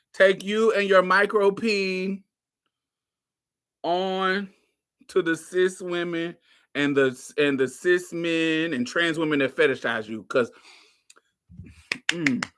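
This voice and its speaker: A woman's voice: fairly low pitch, bright, forceful tone. A woman hosting a casual talk show, telling a story to her listeners in a blunt, profane way and laughing often. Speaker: host.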